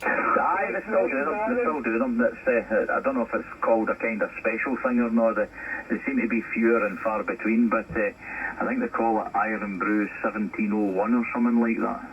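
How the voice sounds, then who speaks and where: A relaxed Scottish man telling stories over a shortwave link, his voice sitting low. The sound is muffled radio reception with faint noise underneath. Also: a little fast. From Scotland. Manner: relaxed, storytelling, uses 'wee' and 'aye'. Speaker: ham radio operator. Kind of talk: casual radio contact chat. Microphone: heard over a shortwave radio.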